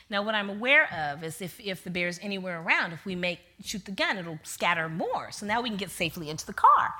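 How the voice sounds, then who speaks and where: Bright-voiced woman minister preaching. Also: medium pitch. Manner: animated storyteller, slowing to soft hushed preaching. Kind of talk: sermon with personal storytelling.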